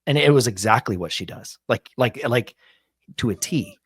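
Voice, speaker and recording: A man in his forties hosting a podcast, telling a long story in a rambling, animated, casual way. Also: medium pitch, normal speed, slightly rough, no echo, clean studio sound. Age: 40s. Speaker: podcast host.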